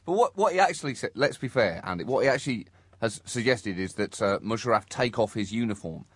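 Husky man, wry satirical riffing. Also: medium pitch, animated, fairly quick, no echo. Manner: wry, mock-indignant riffing. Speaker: comedy podcast co-host. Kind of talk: satirical comedy commentary.

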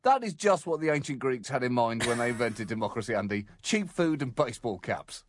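A man's voice: mid-range voice, animated, brisk, a little hiss or hum. A man co-hosting a comedy podcast while ill, often chuckling through his lines. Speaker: co-host. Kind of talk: comedy podcast banter and scripted jokes.

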